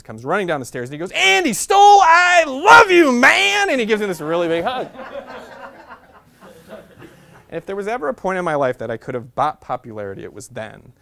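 A man in his thirties tells funny stories about himself to a university class, in a voice of middling pitch. He is chatty and self-mocking, and fills his sentences with "like.". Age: 30s. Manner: self-deprecating, chatty, full of "like" fillers. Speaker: guest speaker. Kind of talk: humorous personal storytelling talk.

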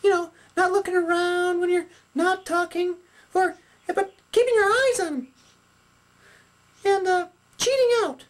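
A man's voice: very high-pitched, unhurried. A man voicing a bossy, know-it-all female puppet who lectures and scolds in a puppet skit.

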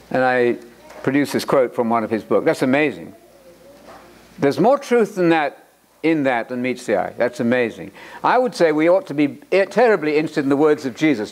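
Brief: a male Bible college lecturer preaching at a conference, with a slightly raised pitch and an animated, joking manner. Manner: animated and joking, repeats words for emphasis, quotes authors aloud. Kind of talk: lecture-style sermon.

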